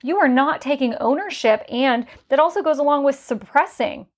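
A woman's voice: sits high, animated, moderate pace. A woman who is a parent, co-hosting a Christian podcast, talking thoughtfully and building on her partner's points. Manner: reflective, affirming listener. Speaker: podcast co-host. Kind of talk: casual faith podcast chat.

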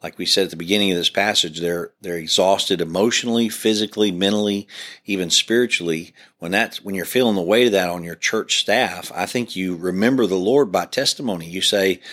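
A man's voice: low voice, brisk, fairly bright tone. A man who is a pastor, talking earnestly on a podcast about church leadership, restarting his sentences often. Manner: earnest, preacherly, frequent restarts. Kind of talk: podcast discussion.

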